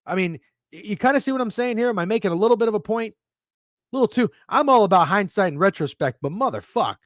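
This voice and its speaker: A man hosts a sports betting stream and rants, cursing freely and dripping with sarcasm as he reads the chat. His voice sits high for a man. The sound is close and dry, with no room around it. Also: animated, quick pace, dry recording. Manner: profane, ranting, sarcastic. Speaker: sports betting show host. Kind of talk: live-stream rant reading chat.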